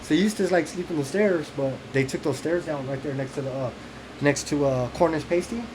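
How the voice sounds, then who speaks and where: A man talks easily on a podcast, full of slang and quick laughs, acting out what people said. His voice is a bit high, and a clear hum of room noise sits behind him. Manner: laid-back slang, laughs often, acts out quotes. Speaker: podcast co-host. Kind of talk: casual chat.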